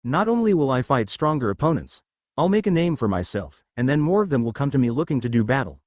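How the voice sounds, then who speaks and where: A cocky young male ninja hero with a teasing edge, read by a man. His voice swings in a lively way and sits dry and close to the mic, with nothing around it. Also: mid-range voice, a little fast, dry recording, highs cut off.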